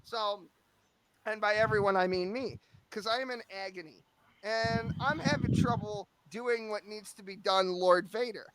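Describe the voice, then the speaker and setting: Crude high-voiced man telling a story. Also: normal speed, a bit bright. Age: 30s. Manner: crude, profane, rambling comic storytelling. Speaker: storyteller guest. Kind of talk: casual podcast anecdote.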